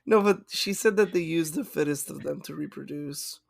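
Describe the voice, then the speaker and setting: A man hosting a casual film podcast, explaining haltingly and laughing often. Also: on the high side, vocal fry, no room sound, clean studio sound. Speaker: podcast host.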